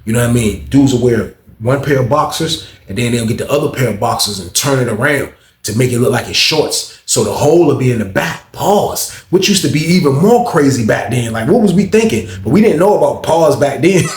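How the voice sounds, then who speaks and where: A man telling a story casually, animated and slangy, acting out the people in it. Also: medium pitch, fairly quick, a little hiss or hum. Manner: animated, slangy, voices characters. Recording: roomy echo.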